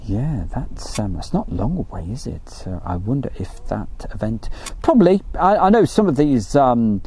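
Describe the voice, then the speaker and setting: A man's voice: medium pitch, big pitch swings, normal speed, warm tone, slight background noise. A man hosting a casual live stream from outdoors by an airfield, chatty and joking as he reads out viewer messages.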